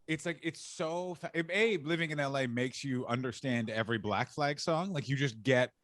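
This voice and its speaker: A man as a comedian guest on a podcast, telling stories in an animated, jokey way. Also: medium pitch, moderate pace, very noisy. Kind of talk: casual podcast chat.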